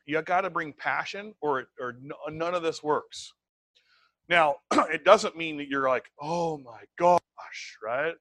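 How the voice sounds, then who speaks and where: A man's voice: on the high side, no room sound. A man teaching a live sales training to a group, emphatic and conversational, tagging his points with "right?" and "okay?". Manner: repeats words, conversational and animated.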